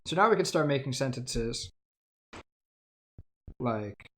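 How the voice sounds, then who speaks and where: A man's voice: mid-range voice, expressive, takes it slowly, a bit bright, a little hiss or hum. A man on a casual livestream, teaching himself a language, sounding out words hesitantly and thinking aloud. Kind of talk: casual self-study livestream.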